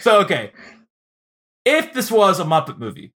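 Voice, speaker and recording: Man, podcast co-host, fairly high pitch, casual rambling film chat, frequent fillers. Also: huge pitch swings, normal speed, pushed and bright. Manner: chatty, lots of fillers, breaks into laughter.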